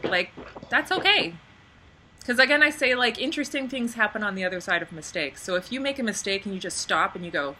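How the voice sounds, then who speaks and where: A woman coaching people on camera in a casual webinar, chatty with lots of "like", acting out little scenes in a high voice. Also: expressive, brisk, pushed and bright, slight background noise. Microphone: computer microphone on a webinar.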